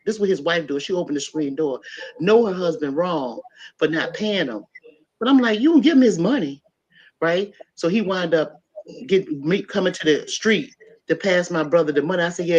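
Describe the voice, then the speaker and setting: A middle-aged woman hosting a podcast, telling a story in an animated, emphatic way and talking straight to her listeners. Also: sits low, fairly quick, breathy edge. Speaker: podcast host. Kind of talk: casual storytelling chat. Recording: dull lo-fi sound.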